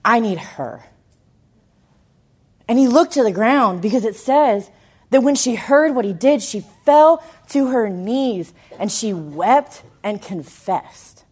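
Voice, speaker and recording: Woman preacher, slightly high voice, very lively pitch, animated emphatic sermon delivery. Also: measured pace, breathy edge. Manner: animated storytelling, emphatic, swings from loud to hushed.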